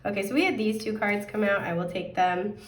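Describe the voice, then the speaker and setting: Woman tarot reader, chatty casual delivery, hoarse with throat clearing, mid-pitched, recorded in an echoey room. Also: fairly quick, distant mic. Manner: chatty, upbeat, rambling with fillers. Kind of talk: casual pick-a-card tarot reading.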